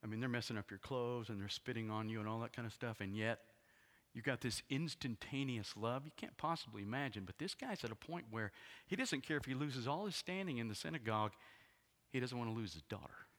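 A man preaching a sermon as a pastor, retelling the story dramatically and swinging from hushed tones to loud ones. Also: medium pitch, a little fast. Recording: long hall reverb.

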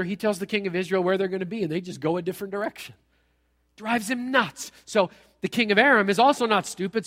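Male pastor, sermon, high voice, energetic conversational delivery, long hall reverb. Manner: energetic, conversational, playful asides.

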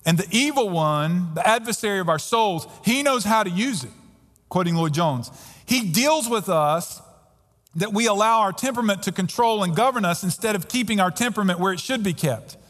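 A man's voice: high-pitched, lively intonation, normal speed, a bit bright. A pastor preaching a sermon earnestly and emphatically, often repeating his words as he goes. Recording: long hall reverb.

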